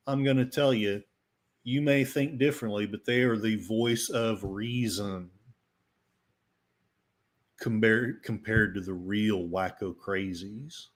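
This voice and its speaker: Man, livestream host, casual rambling chat, unhurried delivery, self-deprecating. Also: lowish voice. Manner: rambling, self-deprecating, talks to his pets. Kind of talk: casual live-stream chat.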